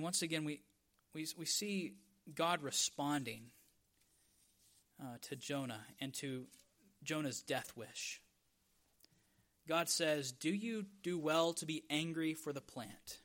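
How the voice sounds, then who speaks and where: A man's voice: fairly high pitch, sharp tone. Emphatic preacher man. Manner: emphatic preaching, stretches key words slowly for stress. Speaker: pastor. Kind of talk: sermon.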